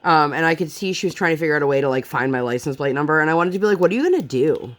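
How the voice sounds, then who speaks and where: Lowish-voiced woman telling a story. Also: racing. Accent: Pennsylvania American. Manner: frustrated, animated retelling with many fillers. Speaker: vlogger and mother. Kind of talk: casual storytelling chat while crafting. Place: home craft table.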